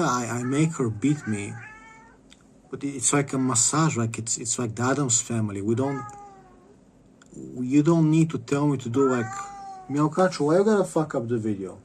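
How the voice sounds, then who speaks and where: In a casual vlog monologue, a man with an ordinary mid pitch and a darkish tone rambles, swearing freely and stammering through restarts. He's a little slow with long pauses, and faint noise hums in the background.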